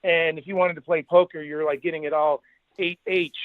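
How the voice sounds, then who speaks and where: A middle-aged man recounts his career in a lively, anecdotal way, slipping into the voices of the people in his stories. His voice sits a little high for a man. The sound is dry and tinny, like a phone line. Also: a little fast, no room sound. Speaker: podcast guest. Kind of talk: casual storytelling interview.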